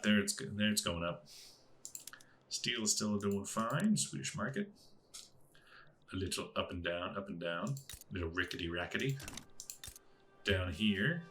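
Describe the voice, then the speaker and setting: A man with a lowish but bright, forceful voice muses out loud while playing a strategy game on his channel. He talks casually to himself as he weighs options in the menus, with faint music and keyboard typing behind him. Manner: musing, thinking aloud while clicking through menus. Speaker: gaming channel host.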